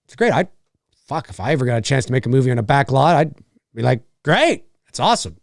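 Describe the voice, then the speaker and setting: A man hosting a live movie commentary, chatting to viewers as he watches, swearing freely and jumping between high and low. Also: gravelly, no echo, clean studio sound. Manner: animated, swears freely, quick pitch jumps.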